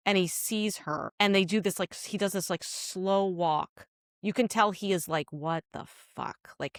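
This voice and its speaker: A woman's voice: lowish voice, dry recording, studio quality. Chatty woman recapping a scene. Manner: rambling retelling full of "like" fillers. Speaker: podcast co-host. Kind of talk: casual podcast chat.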